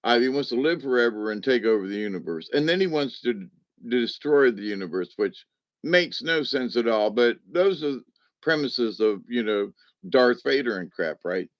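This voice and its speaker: A man who reads spiritual cards rambles through his stories in a folksy way, chuckling often as he goes. His mid-range voice has a lively lilt and a normal pace, with no echo. It's a casual storytelling monologue captured on a dull, dry lo-fi recording.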